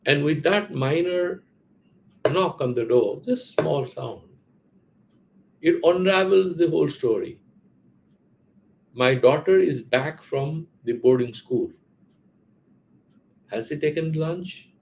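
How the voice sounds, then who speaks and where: Gravelly-voiced man teaching scripture. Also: a little high, expressive, darkish tone, a little hiss or hum, poor audio. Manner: halting, repeats words, asks rhetorical questions. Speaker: philosophy teacher. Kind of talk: explaining Sanskrit scripture.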